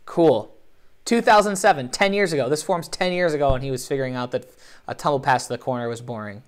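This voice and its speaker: With a fairly high pitch, this live online show host riffs on competition videos, animated and full of jokes and playful sarcasm.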